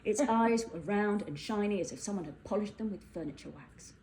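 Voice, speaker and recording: A woman reading a whimsical fairytale aloud, playful and animated. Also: medium pitch, fairly quick, a little hiss or hum, low-quality recording. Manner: playful, animated, with voiced characters. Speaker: storyteller. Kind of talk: storybook narration.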